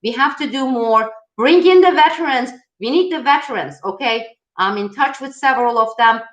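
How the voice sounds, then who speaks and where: A woman hosting a political channel answers viewer questions live-style in an emphatic, rallying tone. Her voice is fairly high and bright and fairly quick, and the low-quality recording sounds reverberant.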